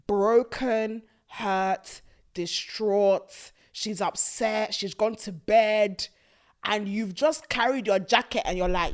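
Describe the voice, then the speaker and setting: A woman, hosting a casual talk about a reality TV show, animated and mocking as she acts out the people she talks about. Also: mid-range voice, takes it slowly. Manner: animated, mocking, quotes people in put-on voices. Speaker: host.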